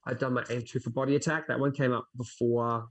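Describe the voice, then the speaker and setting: A man's voice: medium pitch, level tone, fast. Fitness instructor guest, young man, chatty, acts out his own thoughts mid-story. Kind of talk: casual interview chat.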